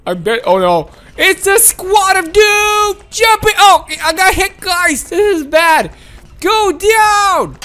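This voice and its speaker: A woman giving excited gameplay commentary, gasping and laughing as she talks to her viewers. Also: high voice. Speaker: gameplay video host.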